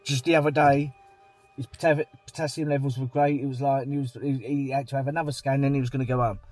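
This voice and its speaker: A man's voice: medium pitch, flat delivery, fast talker, a little mellow, dry recording, soft background music. A man, talking to camera in a rambling, blunt, plain-spoken vlog monologue. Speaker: vlogger.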